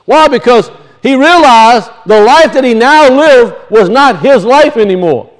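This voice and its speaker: A man with a high voice preaches a sermon, reading scripture aloud between his comments. He talks with emphasis, asks his listeners pointed questions and repeats words to drive his points home. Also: expressive, a little slow, few pauses, rough recording.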